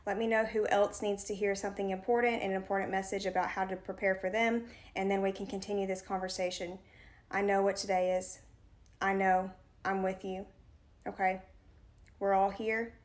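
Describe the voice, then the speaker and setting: Casting: woman, earnest direct-to-camera vlogger, steady mid pitch. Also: normal speed. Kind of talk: direct-to-camera advice vlog.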